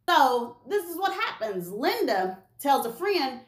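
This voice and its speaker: A woman's voice: sits high, sing-song, takes it slowly, roomy sound. A woman hosting a gossip video, telling a story to camera in a sassy, slangy way and acting out the voices of the people in it.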